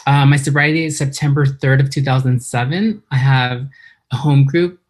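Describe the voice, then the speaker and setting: A woman's voice: a bass voice, steady tone, moderate pace, a little mellow. A woman from San Diego giving an earnest, emotional personal recovery talk at a meeting, a little nervous, speaking into her computer on a video call. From San Diego, California. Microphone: computer for an online video meeting.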